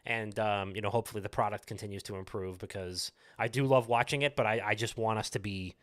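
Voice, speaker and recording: A man's voice: lowish voice, fairly even intonation, fast. A man hosting a gaming podcast, talking casually about esports with lots of filler words and the odd swear. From United States. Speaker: podcast host. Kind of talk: casual chat.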